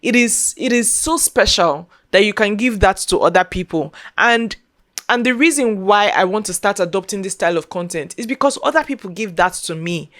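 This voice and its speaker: Her voice is mid-range and a bit bright, with lively intonation at a normal speed. This young content creator and podcast host speaks heartfelt words straight to camera, repeating herself, close to tears.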